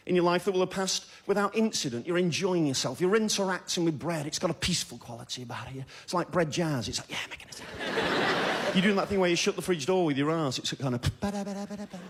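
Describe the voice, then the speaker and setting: A man's voice: sits high, expressive, quick pace, few pauses, background noise. A man from doing a stand-up comedy set, acting out characters in put-on voices. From Yorkshire, England. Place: large theatre with a live audience.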